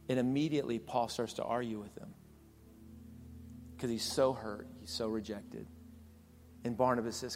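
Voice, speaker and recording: A male pastor preaching a sermon, repeating phrases with emphasis and swinging between loud and soft. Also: mid-range voice, moderate pace, pauses often. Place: large church hall. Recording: long hall reverb with soft music behind.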